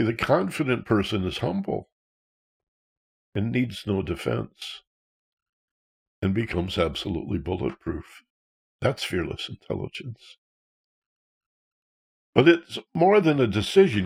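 A man's voice: fairly low pitch, sing-song, unhurried, creaky, long pauses, slightly rough. A man, a counselor, talking earnestly about fear and childhood feelings, posing rhetorical questions. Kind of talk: talk on emotional self-awareness.

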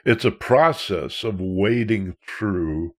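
A man's voice: lowish voice, takes it slowly. A man, a counselor, talking earnestly about fear and childhood feelings, posing rhetorical questions. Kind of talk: talk on emotional self-awareness.

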